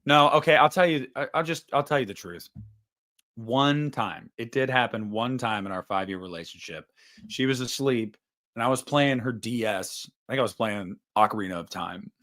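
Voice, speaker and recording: Hosting a livestream, a man in his thirties chats casually, rambling, swearing and joking as he goes. His voice is medium in pitch and fairly bright, delivered at a normal speed.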